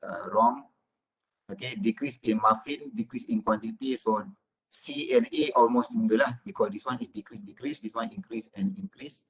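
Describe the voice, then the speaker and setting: A male university lecturer talks his class through the material in an online session. He strings his points together with a steady stream of "okay" and "uh" fillers. His voice sits at an ordinary middle pitch. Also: low-quality recording. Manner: fills every phrase with "okay" and "uh".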